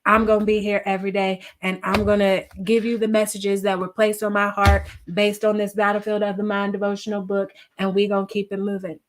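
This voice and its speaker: A woman's voice: mid-range voice, monotone, a little fast, few pauses, slight background noise. A woman hosting a live devotional, earnest and tearful, talking directly to her viewers. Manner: earnest, emotional, reads viewer comments aloud. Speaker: devotional livestream host. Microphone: livestream.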